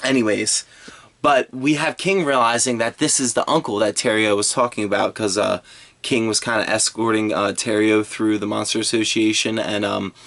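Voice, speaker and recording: A man's voice: on the low side, a bit bright. A man reviewing a manga chapter in a casual, rambling chat full of fillers and restarts.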